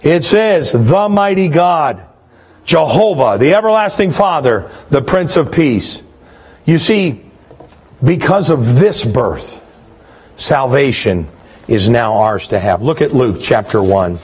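A middle-aged man preaching a sermon, with animated rising and falling emphasis. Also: mid-range voice, takes it slowly, breathy edge. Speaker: pastor.

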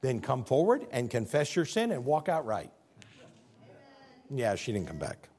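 A man's voice: mid-range voice, huge pitch swings, unhurried. A middle-aged man, a pastor from Illinois, preaching a folksy sermon in church, joking and then pressing the congregation with questions. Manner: folksy, joking preacher swinging between hushed asides and loud exhortation.

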